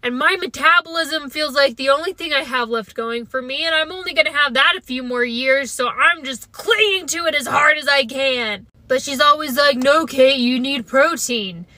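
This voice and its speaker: A woman's voice: high voice, normal speed, few pauses, bright, forceful tone, no echo. A woman telling a funny personal story in a wry, chatty way. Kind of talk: comedic storytime narration.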